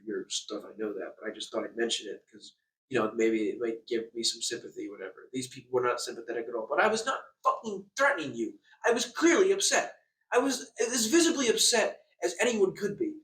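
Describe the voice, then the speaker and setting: A young man rants at a rapid clip, heated and profane, tripping over his words and restarting. His voice sits a little high for a man. He is recorded from a distance in an echoey hotel room. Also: a bit bright. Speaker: vlogger. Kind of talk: ranting vlog. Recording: echoey room, far from the mic.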